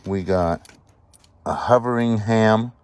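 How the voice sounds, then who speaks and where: A man with a low, deep voice gives casual show-and-tell commentary on his finds. He talks in an excited, chatty way and sizes up the value of each item aloud, with a faint hiss of background noise under him. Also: slow. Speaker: vlogger sorting a storage unit find.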